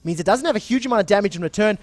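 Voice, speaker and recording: A young man with a South African accent doing live esports play-by-play, speeding up and getting louder in the big moments. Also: sits high, no echo, clean studio sound. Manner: fast, excitable play-by-play that rises in big moments. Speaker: esports shoutcaster. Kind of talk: live game commentary.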